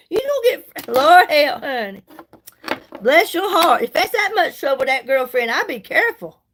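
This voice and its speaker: Woman, high voice, middle-aged, chatty and sassy, live chat. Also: very animated, slow pace, a bit bright, rough recording. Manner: chatty, sassy, folksy, greets viewers by name. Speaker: livestream host selling products. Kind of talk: casual live chat while doing makeup.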